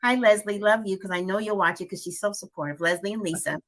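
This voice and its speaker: A woman's voice: medium pitch, fast talker, fairly bright tone. A middle-aged woman, a wellness coach, chatting casually and upbeat on a live stream, laughing often.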